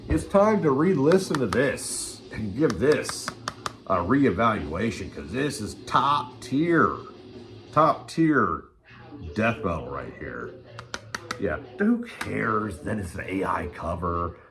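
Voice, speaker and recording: Older male vlog host, crude rambling ranter, big swooping pitch, faint music underneath. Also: very animated, slow. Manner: crude, rambling, swears constantly. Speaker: channel host. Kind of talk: rambling profane vlog rant.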